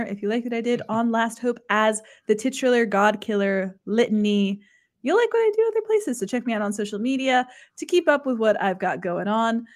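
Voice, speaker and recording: A woman who produces and performs in a tabletop show, speaking earnestly and pleading with viewers to support it in a casual panel interview. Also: fairly high pitch. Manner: earnest, pleading, warm thanks.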